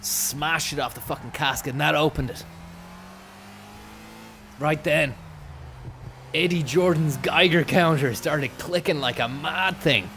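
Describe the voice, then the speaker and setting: A young man, a comedian streamer, telling an absurd story in a deadpan, rambling, sweary way. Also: fairly high pitch, measured pace, pauses often, slight background noise.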